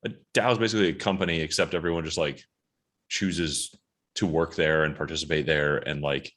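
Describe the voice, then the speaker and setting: A man's voice: rumbling low, fairly even intonation, brisk, a bit bright. A man hosting a podcast interview, asking questions in a loose, rambling way. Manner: easygoing, rambling, frequent likes. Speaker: podcast host.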